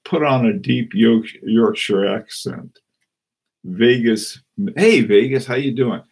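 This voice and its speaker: A man hosting a casual live stream, chatting and reading out viewer comments in a rambling, halting way with many restarts. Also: medium pitch, creaky, darkish tone, slightly rough. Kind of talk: casual live-stream chat about watches.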